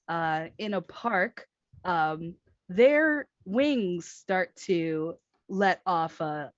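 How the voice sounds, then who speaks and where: A woman narrating a tabletop role-playing game as game master, unhurried and full of fillers as she describes the scene. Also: lowish voice, no room sound. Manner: unhurried, filler-laden storytelling. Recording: dry, slightly muffled stream audio.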